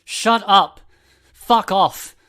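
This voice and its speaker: A man's voice: high-pitched, drawn-out words, voice pushed up, exaggerated voice. A man voicing an angry, sullen teenage boy in a crude demon mask, speaking in a hostile tone. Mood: shouting. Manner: shouting, hostile.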